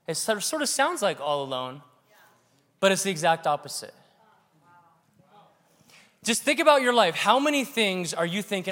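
Guy preaching a sermon, pretty high voice, lots of hall reverb. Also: moderate pace, pauses often. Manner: animated, joking with the congregation. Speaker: pastor. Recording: long reverb of a large hall.

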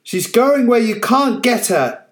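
A man voicing a brave, protective female butterfly guardian in a storybook reading, gentle but firm. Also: medium pitch, animated, moderate pace, close to an everyday voice. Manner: gentle, then firm and commanding.

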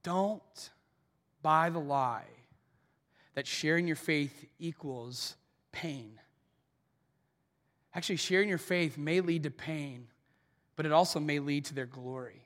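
A male pastor with a high, bright voice delivers a sermon in a church auditorium, his words ringing out with a long hall reverb. He tells the story in an animated way, slipping into the voices he quotes. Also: slow, pauses often.

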